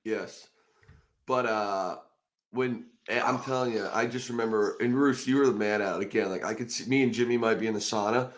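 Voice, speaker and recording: A man hosting a casual podcast, telling animated, profane stories and acting out quotes loudly. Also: fairly low pitch, moderate pace. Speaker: podcast host.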